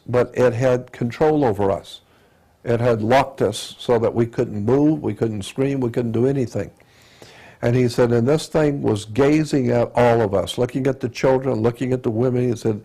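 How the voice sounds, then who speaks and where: Gravelly, rambling male storyteller. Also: mid-range voice, warm tone. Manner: repetitive, keeps restarting with "he said"; halting, with self-corrections and throat clearing. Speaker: speaker retelling an eyewitness account.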